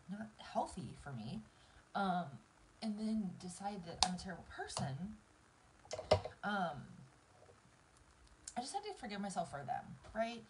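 Over heavy noise, a woman's mid-range voice comes through as she chats with her live-stream audience while applying makeup. She's in her thirties with a Southern American accent, and she is teary and on the verge of crying as she speaks straight to them.

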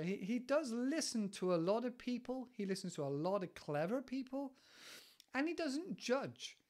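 A man hosting a casual English-learning podcast, rambling and animated, with lots of repeated words, recorded on a studio microphone. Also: high-pitched. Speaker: podcast host. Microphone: studio microphone with headphones.

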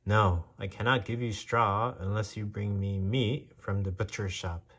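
A man's voice: on the low side, fairly even intonation, measured pace, fairly bright tone, breathy edge. A man voicing a stubborn farmer who refuses to help, in a storybook reading. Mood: refusing.

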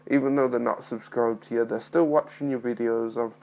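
Young male vlogger, gravelly, mild speech impediment, shy and apologetic, recorded on a phone. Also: medium pitch, fairly even intonation, brisk, a little mellow, highs cut off. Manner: nervous, apologetic, rambling with many fillers. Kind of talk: casual talking-to-camera vlog.

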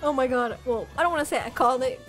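High-voiced woman gushing in excited reaction. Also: fast talker, soft background music. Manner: gushing, squealing exclamations, bursts between shouts and hushed whispers. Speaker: gaming content creator. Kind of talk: excited live reaction commentary.

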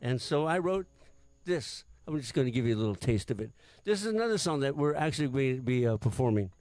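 A man's voice: mid-range voice, big pitch swings, fast, a little mellow, no room sound. A man, a singer-songwriter, telling a story between songs in a rambling, hesitant way with many fillers.

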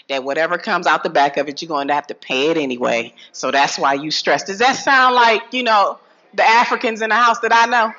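A woman giving a lively health talk to an audience, swinging from low asides to loud calls. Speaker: health speaker addressing an audience. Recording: dull lo-fi sound.

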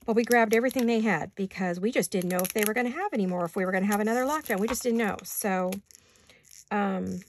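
A middle-aged craft vlogger talks fast at a medium pitch in her home craft studio, with slight background noise. She's hiccuping while she chats casually, thinks aloud, and laughs often as she works.

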